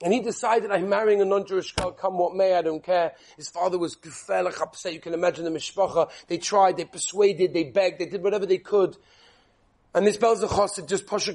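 A man teaching a Torah class as an animated sermon, mixing in Hebrew and Yiddish terms and quizzing his listeners. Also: high voice, fairly quick.

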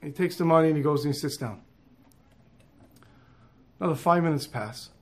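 Animated high-voiced male storyteller. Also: normal speed. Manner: animated, sprinkles Hebrew and Yiddish terms. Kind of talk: telling a moral story.

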